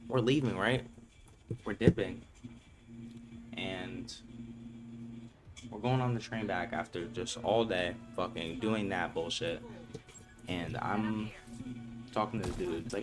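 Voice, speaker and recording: A man's voice: deep voice, normal speed, long pauses. A young man casually telling a storytime vlog, swearing freely and acting out the people he quotes. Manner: profane, animated retelling with quoted voices. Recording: music playing clearly behind.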